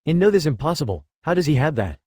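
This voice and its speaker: A man reading the lines of a gentle young male alien who guards a planet, in an earnest, defiant way. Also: fairly high pitch, sing-song, fast talker, husky, no room sound, studio quality.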